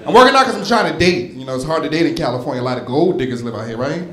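A man's voice: on the high side, animated, very fast, fairly bright tone. A man from North Philadelphia doing a live stand-up routine on a club stage, talking straight to the crowd in a punchy, conversational way. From North Philadelphia, USA. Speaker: stand-up comedian. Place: comedy club stage before a live audience. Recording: roomy live club recording with crowd laughter. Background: audience laughing.

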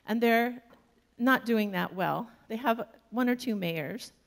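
Slow gravelly woman minister preaching. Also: fairly high pitch. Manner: storytelling, warm-humored, laughs often. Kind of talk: sermon.

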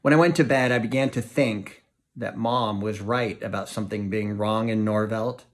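A man's voice: on the low side, normal speed. A man reading a novel aloud as narrator, storytelling expressively and voicing each character. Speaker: audiobook reader.

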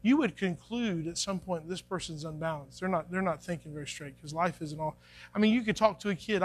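Speaking a bit fast in a high-pitched, slightly bright voice, a pastor delivers a folksy, conversational sermon in the sanctuary and performs short quotes. Faint music plays under this church live stream.

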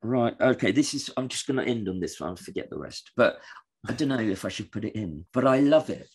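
A man co-hosting a podcast in casual chat, rambling and halting with many restarts. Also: mid-range voice, lively intonation, darkish tone, slightly rough. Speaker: podcast co-host.

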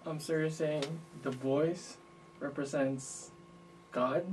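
Male student, flat quiet questioning voice, far from the mic, faint room noise. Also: a little high, slow. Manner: hesitant, starts with "um". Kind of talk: classroom question. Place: classroom.

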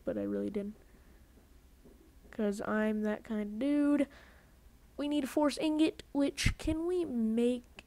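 A woman talks through her game on a headset in a somewhat high voice. She rambles, grumbles and keeps cutting herself off mid-sentence, in the loose manner of a casual let's-play. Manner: rambling, self-interrupting, grumbling. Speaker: gaming video host.

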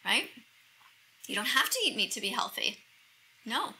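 A middle-aged woman with a high, piercingly bright voice gushes emotionally to the camera. She reacts to a video and keeps slipping into breathy whispers. The delivery is intense and heartfelt. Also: big pitch swings, moderate pace, poor audio. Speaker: vegan activist vlogger.

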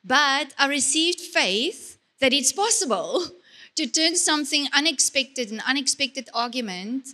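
Woman at a church marriage seminar, earnest and repeating herself, slightly high bright voice. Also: expressive, unhurried. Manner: earnest, repeats words as she talks. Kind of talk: storytelling church talk.

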